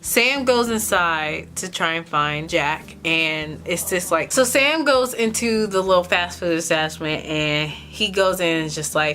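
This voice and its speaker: A young woman hosts her own channel and recaps an episode in a loose, animated chat. She swears freely and exclaims often. Her voice sits on the low side, and faint music plays behind her. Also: a little slow. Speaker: vlog host. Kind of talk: casual profane TV recap.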